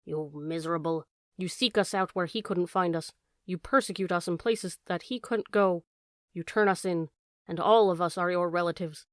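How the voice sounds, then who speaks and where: A woman voicing a badly wounded old male fox in a storybook reading, who begs quietly and snarls with hatred. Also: lowish voice, moderate pace, no echo, clean studio sound, natural voice. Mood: bitter contempt. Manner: pleading, then snarling and hissing with contempt.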